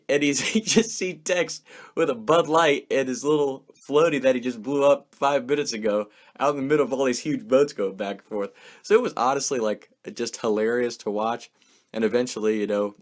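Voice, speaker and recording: A young man tells a story in a loose, rambling way. His voice sits in an ordinary middle pitch, and he peppers his lines with "like" and casual swearing. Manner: swears a lot, fills speech with "like".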